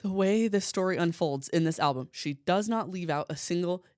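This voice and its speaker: Podcast host, woman, low voice, gushing casual chatter, dry close mic. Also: darkish tone, smooth, no room sound. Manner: gushing, chatty, quick asides. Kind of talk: casual chat.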